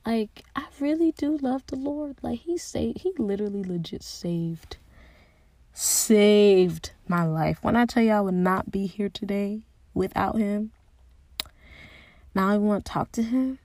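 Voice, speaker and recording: A young woman speaking candidly and earnestly about her faith, thinking aloud with restarts and soft asides. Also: a little high, measured pace, no echo. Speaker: Christian speaker sharing personal reflections. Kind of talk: candid personal reflection.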